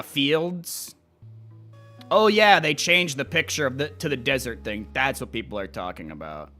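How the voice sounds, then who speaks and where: A man's voice: a little high, sharp tone. A young man livestreaming, chatting casually and rambling, swearing freely as he reacts to clips and reads chat. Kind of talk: casual live-stream chat.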